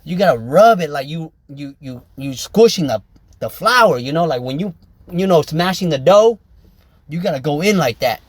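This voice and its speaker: A man's voice: on the high side, animated, normal speed, dry recording. A man, a nail technician giving a casual, joking tutorial full of profanity and constant "y'all". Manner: brash, joking, profane, keeps saying "y'all" and "okay". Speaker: nail technician teaching pedicure. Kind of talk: casual tutorial talk to camera.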